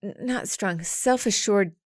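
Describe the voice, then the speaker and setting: A woman's voice: medium pitch, measured pace, no room sound, clean studio sound. A woman co-hosting a parenting podcast, speaking thoughtfully and hesitantly, often restarting her sentences. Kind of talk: casual podcast chat.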